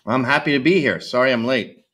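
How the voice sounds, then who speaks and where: A man's voice: medium pitch, a little fast, pushed and bright. A Canadian man speaking as a podcast guest on a remote call, blunt, provocative and joking in casual conversation.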